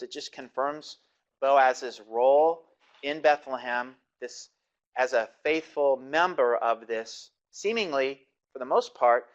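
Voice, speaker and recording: A man's voice: medium pitch, dull audio. A man giving a recorded Bible lecture, reading passages aloud and explaining them with frequent fillers and restarts. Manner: reads scripture aloud, then explains it with many fillers and restarts.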